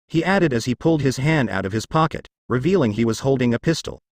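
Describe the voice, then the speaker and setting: Expressive male fanfic narrator. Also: medium pitch, quick pace, dry recording. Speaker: fanfic reader. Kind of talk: scripted narration.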